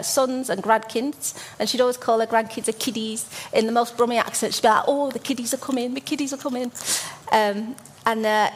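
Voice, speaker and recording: A woman in her forties from Birmingham, giving a church sermon as a story, with frequent ums and restarts. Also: fairly high pitch. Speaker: church speaker.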